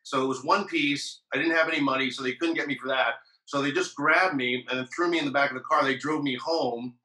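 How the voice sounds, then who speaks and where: Man, podcast host, rambling anecdote with cursing; bright tone, echoey room. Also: medium pitch, steady tone, a little fast. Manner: rambling storytelling with swearing and restarts. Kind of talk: casual chat.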